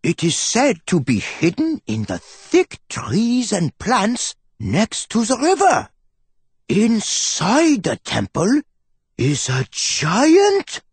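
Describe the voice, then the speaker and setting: A man's voice: very high-pitched, slightly rough, dry recording, pitched above the performer's own voice, heavily acted. A man voicing a kindly old male mouse professor and inventor, speaking earnestly in an audiobook. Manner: warm, grinning, earnest. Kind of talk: audiobook character voice.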